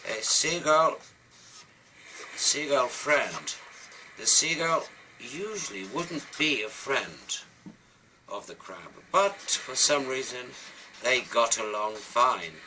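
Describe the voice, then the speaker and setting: A British man tells a children's story as he draws, wandering into chatty little asides. His voice is strikingly bright and keen. A faint hiss of noise runs behind him. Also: medium pitch, low-quality recording. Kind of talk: children's storytelling while drawing.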